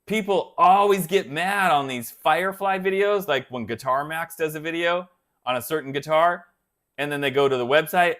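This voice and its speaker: Rambling guitar-channel man, slightly high voice. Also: moderate pace, a bit bright. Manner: rambling, chatty, loses his thread. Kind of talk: casual live-stream chat.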